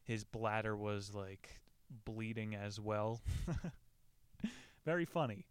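A man's voice: lowish voice, slow, clear, resonant tone, dry recording. A man casually retelling a survival story, joking and swearing freely as he reads passages aloud. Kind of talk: casual retelling with quoted readings.

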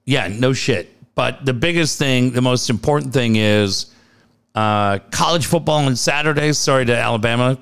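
A man's voice: mid-range voice, normal speed, fairly bright tone, smooth. A male co-host in casual sports chat, telling profane, sarcastic stories.

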